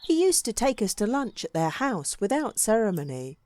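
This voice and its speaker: Expressive woman reading a classic book. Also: medium pitch, a little hiss or hum. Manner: measured, expressive reading with varied emphasis. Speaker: audiobook reader.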